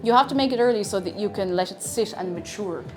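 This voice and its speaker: Faint music drifts through a home kitchen where a young woman livestreams her baking, chatting aimlessly, greeting viewers and mocking herself a little. She talks fast, her voice at a medium pitch.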